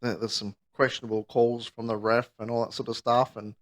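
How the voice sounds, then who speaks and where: A man telling a rambling, sweary story in casual podcast chat. He acts out the people he quotes in higher voices. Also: flat delivery, brisk. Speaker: podcast co-host.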